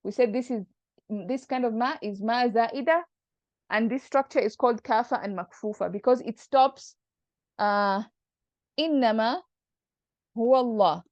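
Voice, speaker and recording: A woman's voice: fairly high pitch, unhurried, long pauses, dry recording. A woman teaching a grammar class, explaining patiently step by step and working through examples aloud. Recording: dull, dry lo-fi recording.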